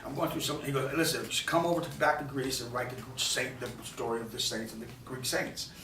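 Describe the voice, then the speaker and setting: A man, a film director from New York, telling a rambling, animated story in an interview at a film festival, with many restarts. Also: medium pitch, fast talker, a little hiss or hum. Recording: echoey, distant mic with faint ambience.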